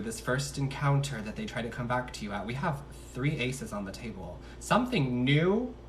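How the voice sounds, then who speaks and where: Doing a laid-back tarot reading over a livestream, a man speaks in a mid-range voice, far from the phone mic, with a little hiss or hum in the audio. He chats away in slang and jokes about his own asides.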